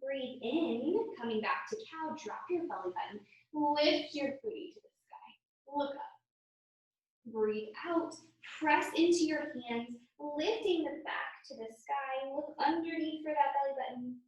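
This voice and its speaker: Slow, gentle woman leading kids' yoga. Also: high voice, lively intonation, far from the mic, muffled recording. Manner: gentle, encouraging, slow guided cues. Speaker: kids yoga teacher. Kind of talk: guided yoga lesson for children. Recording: echoey room from off-mic.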